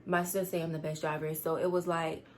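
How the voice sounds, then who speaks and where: A teenage girl vlogger rushes through a storytime in a slightly low voice, rambling and upset as she tries to calm down. Faint noise hums behind her. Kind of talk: storytime vlog.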